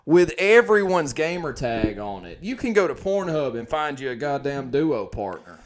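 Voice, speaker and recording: A man's voice: a little high, big pitch swings, normal speed, few pauses. A man co-hosting a comedy podcast, telling rambling stories and breaking into laughter. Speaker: podcast co-host. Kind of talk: casual comedy podcast chat.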